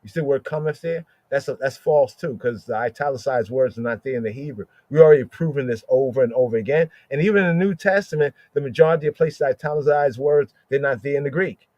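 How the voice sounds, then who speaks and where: A man talks through a scripture passage in an unhurried, conversational way, stopping often to check in with "right?" and to restart his thought. The recording is dull and lo-fi, with a close, dry sound and no room around the voice. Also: mid-range voice, darkish tone, no room sound. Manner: thinking aloud, frequent "right?" and "you know", halting restarts. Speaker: podcast host teaching scripture. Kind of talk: casual scripture study talk.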